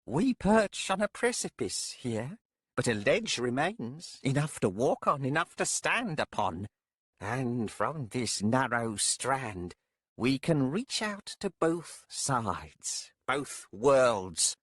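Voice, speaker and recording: A man voicing a cold, solemn female witch in an audiobook, speaking slowly and deliberately. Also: medium pitch, sing-song, breathy edge, dry recording, clean studio sound, voice pushed up, exaggerated voice. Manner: slow, measured, solemn. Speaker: audiobook narrator. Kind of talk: audiobook character voice.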